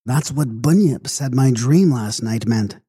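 A man's voice: mid-range voice, animated, a little slow, mellow, husky, dry recording, clean studio sound, pitched above the performer's own voice. A man voicing a bored, peevish young woman who complains in a whiny tone. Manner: petulant, whiny.

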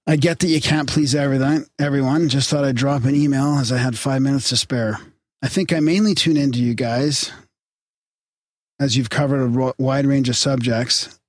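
A relaxed man reads listener mail on a casual podcast, his voice sitting at an ordinary middle pitch. He chuckles and restarts as he goes. The mic sound is dry and close, with no room around it. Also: moderate pace, no room sound. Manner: laid-back, reads aloud with chuckles and restarts. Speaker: podcast co-host reading listener emails.

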